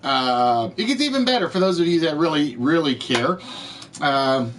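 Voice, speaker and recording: A man hosting a live game show stream, ranting to his chat in an animated, exasperated way, his voice cracking. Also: a little high, normal speed. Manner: animated, exasperated storytelling with repetitions. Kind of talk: casual rant to live chat.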